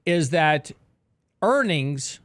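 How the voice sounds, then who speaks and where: A man with a slightly high voice hosts a finance talk show, very animated yet speaking extremely slowly on an echo-free studio mic. His radio commentary explains the markets conversationally, with joking asides thrown in.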